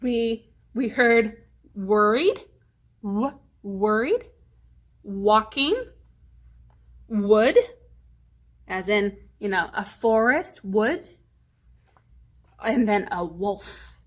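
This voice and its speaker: A woman's voice: medium pitch, animated, very slow, long pauses. A woman leading a children's storytime, reading aloud and stressing letter sounds to teach phonics. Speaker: children's librarian.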